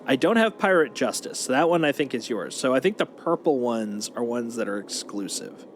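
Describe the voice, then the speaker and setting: Playful male streamer with lively pitch. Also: normal speed. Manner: playful, thinks aloud, lively ups and downs. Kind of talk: casual gameplay chat. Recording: game music behind voice.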